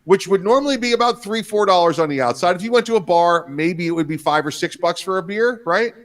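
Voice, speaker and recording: A man's voice: sits high, expressive, quick pace, distant mic. A man co-hosting a casual political talk show, rambling and sarcastic as he acts out officials. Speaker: co-host.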